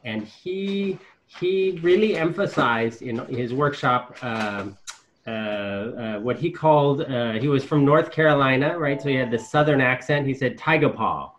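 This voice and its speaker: A man calling in to ask a question, hesitant, with many fillers and restarts, his voice trailing off quietly. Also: mid-range voice, unhurried, a little hiss or hum. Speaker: caller asking a question. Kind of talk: casual question from a listener.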